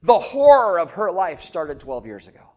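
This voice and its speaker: A man preaching a sermon in a casual, conversational way, asking rhetorical questions and swinging between loud emphatic lines and quiet ones. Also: sits high, big pitch swings, normal speed. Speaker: pastor.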